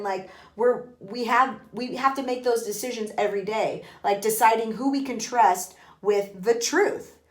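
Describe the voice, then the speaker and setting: A woman's voice: mid-range voice, reverberant. A woman hosting a casual book podcast from her bathtub, rambling and emphatic, with frequent swearing. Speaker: podcast host. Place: bathroom, in a bathtub.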